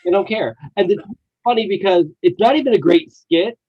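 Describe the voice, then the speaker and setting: A man hosting a casual podcast chat, animated and laughing often as he retells stories. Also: high-pitched, a little fast, breathy edge. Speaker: podcast host. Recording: dull lo-fi sound.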